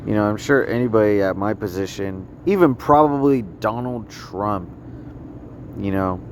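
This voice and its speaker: A man rambling through a personal story in a halting, repetitive vlog, often trailing off and restarting. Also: on the low side, slight background noise. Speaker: vlogger.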